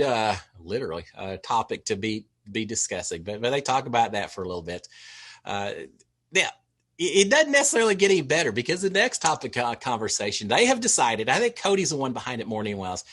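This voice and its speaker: A man's voice: mid-range voice, fairly bright tone. A man with a Texas accent giving a casual recap of overnight reality show feeds, chatty with wry asides and frequent filler words. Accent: Texan.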